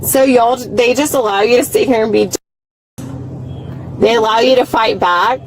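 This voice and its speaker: A woman's voice: on the high side, normal speed, soft background music, rough recording. A woman in her thirties, an arrested driver arguing inside a police car, belligerent, swearing and repeating herself, caught on a body camera. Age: 30s. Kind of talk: heated argument on bodycam.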